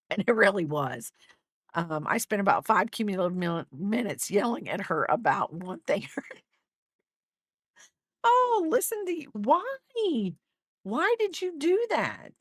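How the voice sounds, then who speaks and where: A middle-aged woman hosting a casual crochet livestream, chatty and teasing, with frequent laughter. Her voice is fairly low but swings widely in pitch. The sound is dry and close. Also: a bit bright, no echo. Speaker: livestream host. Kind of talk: casual chat while crocheting on stream.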